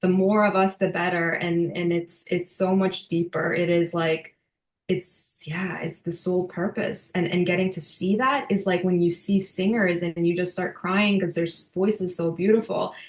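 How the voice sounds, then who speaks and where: A woman in her thirties talks with feeling as a guest in a casual interview, her sentences full of restarts and fillers. Her voice sits fairly low for a woman, and the room around her has a noticeable echo. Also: steady tone, normal speed. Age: 30s. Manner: emotional, many fillers and restarts. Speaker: podcast guest. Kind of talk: casual heartfelt interview talk.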